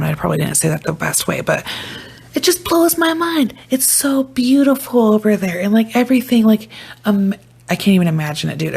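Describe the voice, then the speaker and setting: A young woman from Idaho talking casually into her phone, rambling and swearing with excitable energy. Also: mid-range voice, creaky, breathy edge. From Idaho, USA. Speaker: vlogger. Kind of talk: casual commentary to camera.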